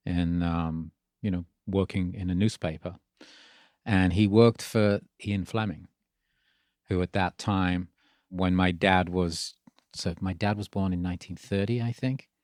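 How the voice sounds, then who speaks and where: Man, 60s, mixed English-American accent, deep voice, rambling interview guest, dry studio sound. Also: darkish tone, no echo. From Birmingham, England. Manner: rambling, storytelling with restarts. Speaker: guest, radio DJ. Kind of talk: casual interview talk.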